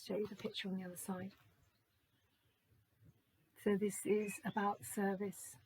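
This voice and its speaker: Breathy woman musing over cards. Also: mid-range voice, level tone, poor audio. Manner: gentle, musing, reads card texts aloud slowly. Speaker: oracle card reader. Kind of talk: spiritual card reading.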